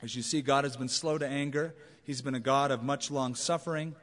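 A man's voice: mid-range voice, steady tone, fairly quick. Man preaching in a reverberant hall. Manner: conversational, emphatic preaching with anecdotes. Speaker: pastor. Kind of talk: sermon. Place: large church auditorium. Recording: long reverb of a large hall.

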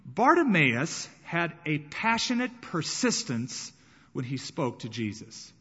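A man's voice: a little high, very animated, slow pace, fairly bright tone, slightly rough, dull audio. Dramatic male preacher in a reverberant hall. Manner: dramatic, acting out voices in the scripture. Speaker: pastor. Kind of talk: sermon.

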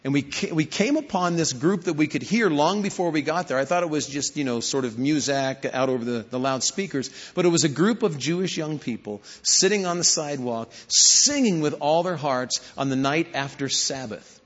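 Husky preacher in an echoing hall. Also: male voice, fairly high pitch, moderate pace, few pauses. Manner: storytelling, rising to emphatic questions. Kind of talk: sermon. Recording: hall reverb, dull lo-fi sound.

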